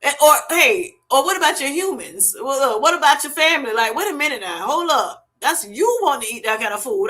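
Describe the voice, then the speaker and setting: Reading chat comments aloud on her laid-back livestream, this host has a high, sharp voice that's very animated and a little fast, with hardly any pauses. She laughs often and addresses viewers as honey and baby.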